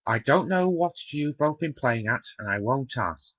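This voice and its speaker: A narrator voicing a stout, genial male railway boss who talks in a gruff, fatherly way for a storybook dub. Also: medium pitch, animated, moderate pace, highs cut off.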